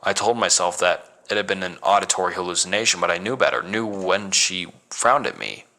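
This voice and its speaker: A man reading a first-person horror story as narrator, measured and dramatic. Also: low-pitched, expressive, gravelly, pushed and bright.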